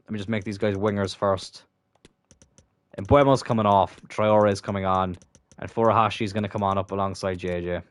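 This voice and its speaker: A man's voice: on the low side, steady tone, moderate pace, smooth, no echo. Exasperated man swearing at a game. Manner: swears constantly, exasperated outbursts then muttering. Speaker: gaming channel host. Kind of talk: live gameplay commentary.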